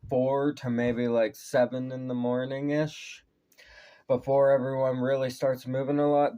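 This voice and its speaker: A man's voice: mid-range voice, darkish tone. A man in his thirties hosting a casual reaction video, laid-back and swearing freely, his voice tired from a day of talking at work. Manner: laid-back, swears a lot, laughs often.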